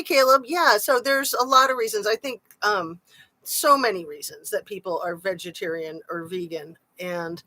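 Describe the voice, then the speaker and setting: A woman's voice: fairly low pitch, bright, forceful tone, low-quality recording. A woman hosting a casual true-crime livestream, talking through her thoughts in a rambling way and reading out viewer comments. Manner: chatty, rambling, frequent "um" and "like".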